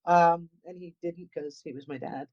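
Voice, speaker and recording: A woman's voice: lowish voice, fairly even intonation, moderate pace, darkish tone. A woman with a New England accent, a guest paranormal investigator chatting casually and rambling, often repeating words and restarting. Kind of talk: casual chat. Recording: dull lo-fi audio.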